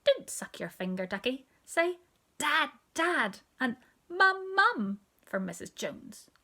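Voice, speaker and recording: A woman voicing a kindly elderly neighbour woman who coos gently and fondly over a baby in a storybook read-aloud. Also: sits high, big pitch swings, slow pace, pitched above the performer's own voice, full character voice. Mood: fond, cooing.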